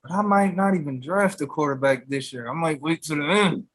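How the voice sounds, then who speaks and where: A man's voice: a little high, fairly quick, fairly bright tone. A man co-hosting a podcast, chatting casually about sports in laid-back slang, often with short replies. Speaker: podcast co-host.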